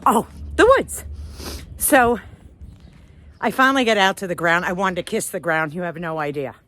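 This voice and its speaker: A middle-aged woman vlogger telling a story on a walk outdoors, animated and self-mocking, laughing often. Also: on the low side, moderate pace, dry recording.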